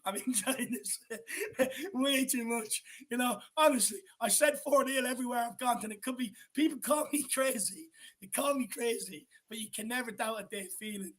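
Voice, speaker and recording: High, bright-voiced excitable Irish man. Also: moderate pace. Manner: excitable, laughs often, swears. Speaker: watch-along co-host. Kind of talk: excited football watch-along chat.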